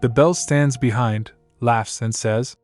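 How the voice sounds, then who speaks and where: A man narrating a manhwa recap, reading the story and the characters' lines in one steady voice. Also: medium pitch, slow pace, soft background music.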